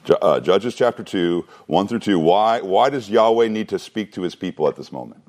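A man's voice: low-pitched, lively intonation, normal speed, darkish tone. A man preaching a sermon, earnest and emphatic, often restarting words and asking rhetorical questions.

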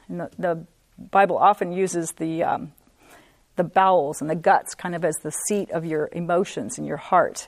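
A woman teaching a women's Bible study, earnest, repeating points for emphasis and reading scripture slowly. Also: fairly low pitch, darkish tone, dry recording.

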